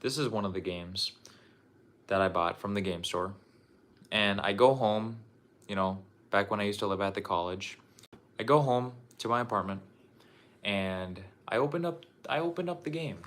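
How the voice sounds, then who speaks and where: A man's voice: fairly low pitch, normal speed, pauses often, fairly bright tone. A young man chatting casually on a livestream as he shows off his collection, loose and profane, restarting his sentences often. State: out of breath. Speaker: streamer showing his game collection.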